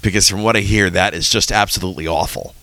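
A man's voice: deep voice, quick pace, sharp tone, dry recording. A man hosting a casual chat who tells funny stories and laughs often. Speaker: podcast co-host.

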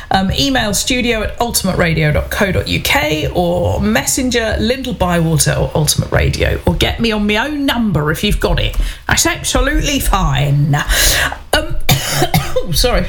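A woman's voice: mid-range voice, a bit bright. A woman presenting a radio show from a home bedroom, chatting casually to listeners and laughing as she goes. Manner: chatty, rambling, with laughing asides. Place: home bedroom with open door onto a landing.

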